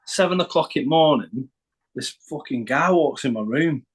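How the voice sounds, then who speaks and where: A man's voice: on the high side, expressive, normal speed, breathy edge, poor audio. A middle-aged man with a Northern English accent telling a rambling, sweary story as a podcast guest. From Northern England. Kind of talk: casual anecdote telling.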